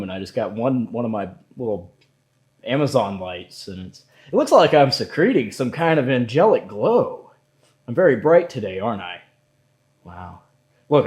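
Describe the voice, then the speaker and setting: A young man in his own room, talking straight through a casual solo podcast. He rambles from story to story, swears freely and leans on crude jokes, in a voice that sits at an ordinary middle pitch for a man. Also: a little mellow, husky. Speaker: podcast host. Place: indoor room at home.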